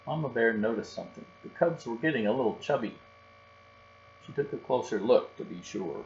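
A man's voice: mid-range voice, animated, brisk, a little mellow. Man reading a storybook aloud. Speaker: storybook reader. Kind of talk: storybook read-aloud narration. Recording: dull recording with faint hum.

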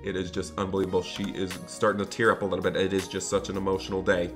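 Male gaming host narrating a role-play, upbeat and chatty, lowish voice with a bright, forceful edge. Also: completely flat delivery, fast talker, soft background music. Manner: upbeat, chatty, addresses viewers as "guys". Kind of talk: game role-play commentary.

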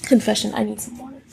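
A woman talks through a tarot spread in a casual, straightforward way, asking questions out loud and reading lyrics as messages. Her voice sits in a middle range with a gravelly, creaky texture. A faint noise runs under the recording. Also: medium pitch. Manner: reads song lyrics aloud in a quick, soft recital; straightforward, musing, rhetorical questions. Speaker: tarot reader.

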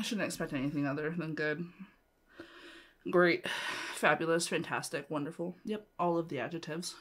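A woman reacting to a music video, gushing with quick exclamations and casual asides. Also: sits low, steady tone, fairly bright tone.

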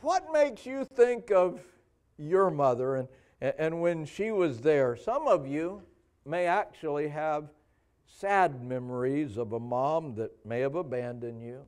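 Man, pastor, sermon, earnest, halting, somewhat high voice. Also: a little mellow, smooth. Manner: earnest, halting delivery with frequent uh fillers. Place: church sanctuary.

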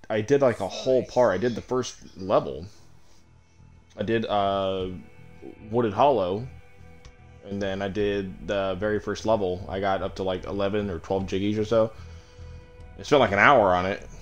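Man, lowish voice, let's-play commentary, chatty, candid, casual swearing, faint game music behind. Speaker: gaming streamer.

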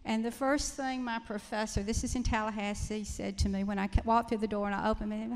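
A middle-aged woman with a Southern Georgia accent, a writer on a panel, telling stories in a chatty way with halting restarts. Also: on the high side, steady tone, a little mellow. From South Central Georgia. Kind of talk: panel discussion. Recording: reverberant lecture hall.

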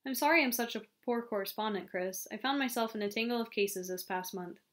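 A woman's voice: a little high, fairly quick, fairly bright tone, natural voice. A woman reading the lines of a busy, dignified woman judge in a composed, formal manner. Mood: apologetic.

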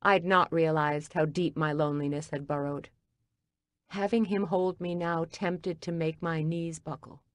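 A woman narrating a first-person audiobook in a quiet, intimate, measured way. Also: low-pitched, steady tone, no room sound, clean studio sound.

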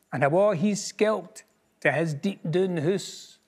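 A man with a Scottish accent reading a picture book aloud in Scots, expressive and lilting. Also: high-pitched, slow pace, breathy edge.

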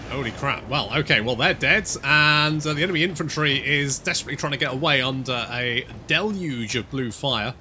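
Excitable sweary gamer. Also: male voice, medium pitch, noisy background. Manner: excitable, sweary, talks to units. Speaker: gaming channel host. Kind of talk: casual gameplay commentary.

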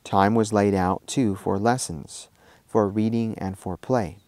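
A man, a minister, reading a children's lesson story aloud in a measured storytelling manner. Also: lowish voice, steady tone, a little mellow, no room sound.

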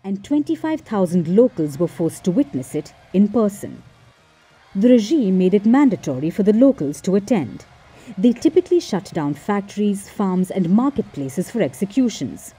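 A woman reads a news report in a formal, measured way. Her voice is dark and husky, with lively pitch, and faint music plays under it.

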